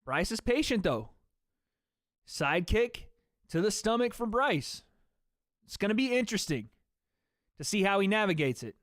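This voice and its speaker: A man calling fights on a livestream for his chat, casual and profane, jumping between play-by-play and chatter. His voice sits a bit high for a man. The sound is dry and close. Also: sing-song, measured pace, pauses often, fairly bright tone, no echo. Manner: chatty, swears freely, talks to chat between calls. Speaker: livestream host. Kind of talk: fight watch-party commentary.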